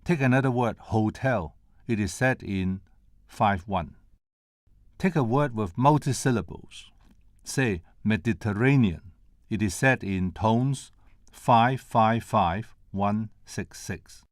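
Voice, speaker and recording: Slow, deliberate older male lecturer. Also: lowish voice, no room sound, clean studio sound. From Hong Kong. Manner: measured and deliberate, sounding out tones and syllables one by one. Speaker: presenter at a conference. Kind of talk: prepared lecture with spoken demonstrations.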